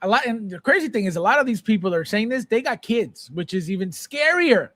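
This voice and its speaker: A man's voice: sits high, big pitch swings, fast, hardly any pauses, a bit bright, no room sound. A man hosting a live collector show, ranting with exasperation and repeating himself as he answers chat. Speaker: podcast host. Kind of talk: live-stream chat with viewers.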